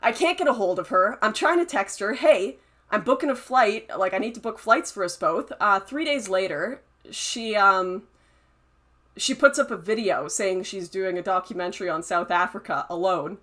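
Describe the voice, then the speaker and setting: A woman's voice: medium pitch, normal speed, a bit bright. A young adult woman hosting a casual livestream, chatty and laughing often as she reads and answers chat comments. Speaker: livestream host reading chat.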